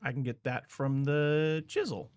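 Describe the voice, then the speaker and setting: A man's voice: medium pitch, animated, a little slow, clear, resonant tone. A man streaming a game, chatting casually with his viewers while he thinks aloud about what he is doing. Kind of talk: casual gameplay commentary.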